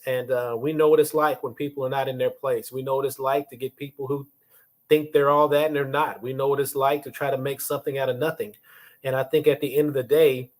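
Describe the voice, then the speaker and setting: A man in his fifties hosting a casual leadership livestream from a phone or webcam, chatting and greeting viewers by name. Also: mid-range voice.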